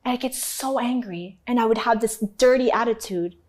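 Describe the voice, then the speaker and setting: Casting note: animated, emphatic woman interviewee, slightly higher voice, storytelling mode. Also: normal speed. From North Africa. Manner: animated, emphatic, acts out other people's voices; swears casually. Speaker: interview guest.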